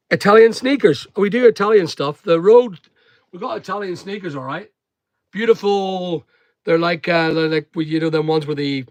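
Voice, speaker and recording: A middle-aged man chats loosely to his viewers, breaking off mid-thought to greet people before wandering back to his point. His voice sits a little high for a man. The sound is dry and close, with almost no room around it. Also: dry recording. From United Kingdom. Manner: rambling, jumps between topics, breaks off to greet viewers. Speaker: online seller and vlogger. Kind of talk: casual chatty vlog, talking to viewers.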